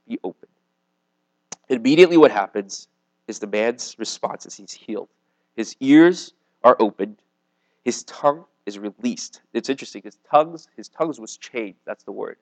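A man preaching a casual sermon, explaining a Bible passage with slang, restarts and bursts of loud emphasis. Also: lowish voice, animated, moderate pace, vocal fry, rough recording. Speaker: pastor.

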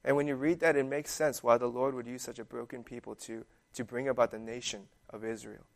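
A man's voice: medium pitch, steady tone, a little fast, gravelly. A young man giving a casual, conversational sermon that is full of fillers. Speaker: preacher.

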